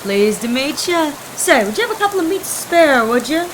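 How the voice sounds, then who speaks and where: A woman's voice: high-pitched, very animated, a little fast, slight background noise, pitched above the performer's own voice, low-quality recording. A woman voicing an easygoing old male hobo in a video game, talking in a folksy, laid-back way.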